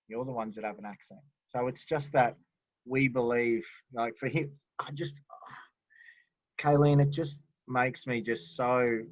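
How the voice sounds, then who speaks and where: A man's voice: mid-range voice, dry recording. A man hosting a casual interview podcast, asking rambling questions with restarts. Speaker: podcast host. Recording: dull, dry lo-fi recording.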